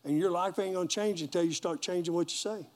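A man's voice: high-pitched, quick pace, a little mellow. A man pastor, preaching a sermon in a folksy call-and-response manner and joking with the congregation.

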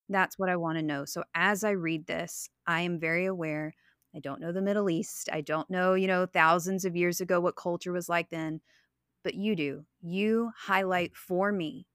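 A woman in her thirties talks on a faith podcast, sharing personal stories in an earnest, reflective way. Her voice sits low for a woman. The sound is dry and close, with no room echo. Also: fairly even intonation, moderate pace, fairly bright tone. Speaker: podcast co-host.

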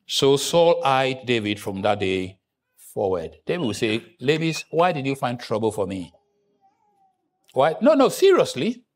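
A man preaching a sermon as pastor, moving between hushed asides and loud, high-pitched outbursts. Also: very animated, measured pace.

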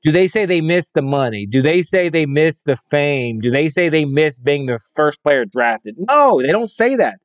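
Guy ranting about fantasy football, kinda high voice, super dry mic, keeps repeating himself. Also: big pitch swings, moderate pace, hardly any pauses, no echo. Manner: emphatic, repetitive, fired-up. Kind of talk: opinionated solo commentary.

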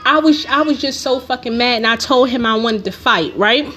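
Young adult woman, podcast host, fairly high voice, swears freely while telling a fired-up story. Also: normal speed, pushed and bright, slight background noise. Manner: profane, heated storytelling. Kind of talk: casual storytelling monologue.

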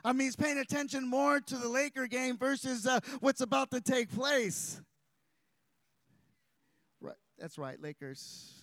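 High-voiced man preaching in a park. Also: fairly even intonation, moderate pace, hardly any pauses, fairly bright tone, no echo. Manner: fervent preaching full of "uh" fillers. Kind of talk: sermon. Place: outdoors in a park.

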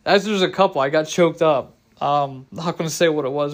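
A young man hosting a casual solo talk show, rambling and halting with many restarts, choked up and near tears. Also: a little high. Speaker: show host.

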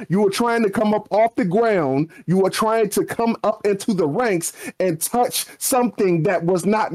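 A man's voice: a little high, dark tone. A man, co-hosting a casual podcast and ranting with slang, his voice leaping up for emphasis. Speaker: podcast co-host.

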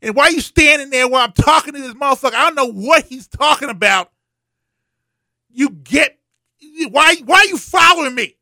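A man's voice: very high voice, animated, pushed and bright, no echo, pitched above the performer's own voice, full character voice. A man squealing as a cursing, exasperated old queen. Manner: profane, indignant, rapid. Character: exasperated, foul-mouthed elderly queen.

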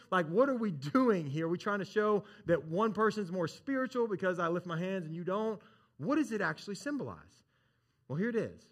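A man's voice: fairly high pitch, fairly bright tone. A male pastor preaching a sermon, emphatic, repeating key phrases and asking rhetorical questions.

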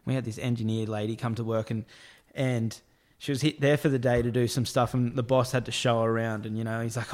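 A man's voice: mid-range voice, fairly quick, hardly any pauses. Aussie guy spinning a cheeky work yarn, swears a lot, does the voices, laughs along. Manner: lively, crude slang, acts out quotes, laughs often. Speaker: storyteller, construction worker. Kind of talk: casual anecdote.

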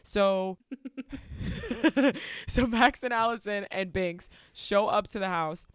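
Profane, animated woman recapping a film. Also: mid-range voice, measured pace, clear, resonant tone, dry recording, clean studio sound. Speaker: podcast co-host. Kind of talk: casual movie recap chat.

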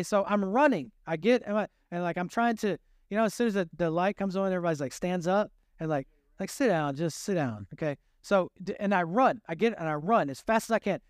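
A man's voice: high voice, clean tone, no echo, studio quality. A man preaching a sermon in a humorous, self-deprecating storytelling way, acting out conversations. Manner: animated, shifting pace.

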